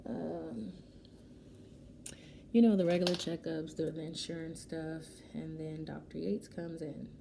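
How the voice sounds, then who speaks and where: A young adult woman vlogger casually telling a personal story while doing her makeup, animated and emotional, acting out what people said. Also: sits low, a little slow, creaky, noisy background. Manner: emotional, animated retelling with quoted dialogue. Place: home, getting ready.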